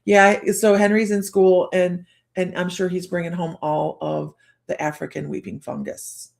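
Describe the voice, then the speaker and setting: A middle-aged woman with a hoarse voice, hosting a casual live-streamed psychic reading in a chatty, rambling way full of fillers and restarts. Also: fairly low pitch, level tone, a little slow, a little mellow. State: hoarse from a cold.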